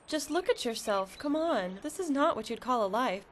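A woman's voice: on the high side, lively intonation, normal speed, slight background noise, lightly acted. A woman voicing an earnest, pleading mother searching for her lost son in a dubbed drama. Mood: gentle.

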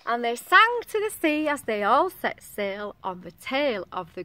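Lively, high-pitched woman reading a picture book. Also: unhurried, hardly any pauses. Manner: animated and sing-song, asking the listening children questions. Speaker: storyteller reading to children. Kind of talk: reading a picture book aloud to young children.

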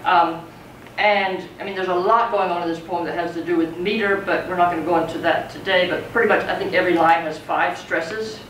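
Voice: mid-range voice, fairly even intonation, a little fast, a bit bright. Teacher lecturing in a roomy classroom. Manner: conversational, checks in with students. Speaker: poetry teacher. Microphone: far from speaker. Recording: roomy classroom, mic far off, faint noise.

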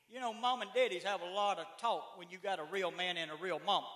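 A man preaching a sermon in a church, folksy, with shouted calls to the congregation. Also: sits high, steady tone, fairly quick, few pauses. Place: church sanctuary. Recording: echoey church room.

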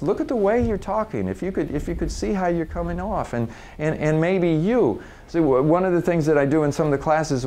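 A man who trains people in communication, giving an informal talk on handling difficult people. He is animated, restarts and repeats words often, and acts out short quoted exchanges as he goes. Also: mid-range voice.

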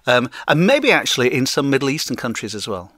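A British man hosting a podcast interview, often halting and repeating words. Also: medium pitch, sing-song, fairly bright tone, no room sound, clean studio sound. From Britain. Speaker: podcast host.

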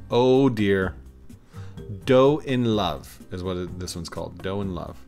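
A man's voice: low voice, sing-song, slow pace, gravelly, pauses often, darkish tone, soft background music. A young man hosting a gaming video, casually commenting on camera filters in a playful, rambling, self-mocking way. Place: warm home studio.

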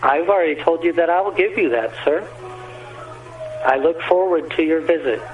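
A man's voice: a little high, normal speed. A man managing a restaurant on a phone call, polite and stammering, calling the caller sir again and again. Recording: distant phone line.

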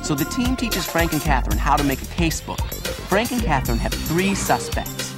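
A woman's voice: sits low, sing-song, moderate pace. A woman narrating a scripted episode recap, telling the story and speaking directly to young viewers. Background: music.

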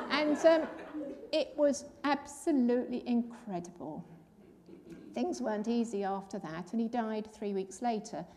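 Older lady telling a church testimony, high soft mellow voice, really earnest. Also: measured pace. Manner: earnest storytelling, acts out quoted voices. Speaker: church speaker giving a testimony. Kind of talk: personal testimony.

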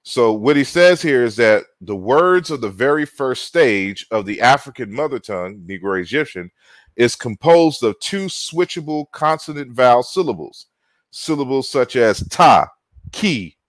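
Male lecturer talking through slides, slow and unhurried, stopping and restarting often; dry, close sound. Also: medium pitch, animated, no echo. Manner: halting, many fillers and repeated words.

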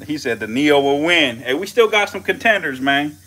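Loud, profane young man with AAVE. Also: on the high side, animated, normal speed. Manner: loud, profane, laughing running commentary. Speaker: channel host feeding snakes. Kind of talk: casual live-stream commentary.

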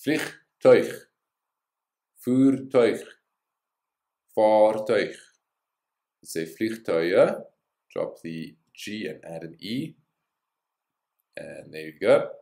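A man's voice: low-pitched, sing-song, slow, vocal fry, long pauses, darkish tone, echoey room. A man teaching a language lesson, explaining the rules step by step and adding short words of encouragement.

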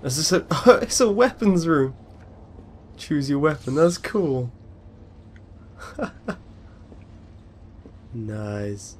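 Excitable man commenting on a game. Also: fairly high pitch, extremely slow, long pauses, slight background noise. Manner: excitable, laughs often, chatty. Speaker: let's play host. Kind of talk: casual gameplay commentary.

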